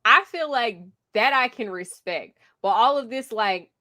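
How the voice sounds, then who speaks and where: A woman co-hosting a casual reality TV recap, opinionated and drawn-out in her storytelling. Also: fairly high pitch, expressive, sharp tone. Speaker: podcast co-host.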